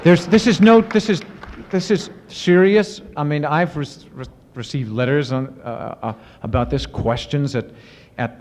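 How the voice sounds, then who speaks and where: A man, an author and professor, answering audience questions in lively storytelling with many restarts and fillers. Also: medium pitch, long reverb tail, a little hiss or hum. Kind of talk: casual spoken Q&A. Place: university lecture event. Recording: muffled 1970s archive recording.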